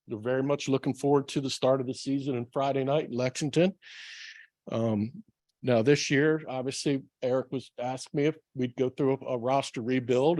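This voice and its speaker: A man's voice: medium pitch, a little mellow, no room sound. Earnest middle-aged man giving a talk. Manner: earnest and plain-spoken, with filler ums. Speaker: baseball manager speaking at a club meeting. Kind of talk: personal speech to a club audience.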